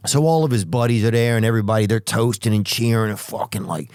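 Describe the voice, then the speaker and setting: A man hosting a podcast, telling rambling comic stories with profanity and drawn-out asides. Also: lowish voice, darkish tone, clear, resonant tone, dry recording. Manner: profane, drawn-out asides, sudden character voices. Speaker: podcast host.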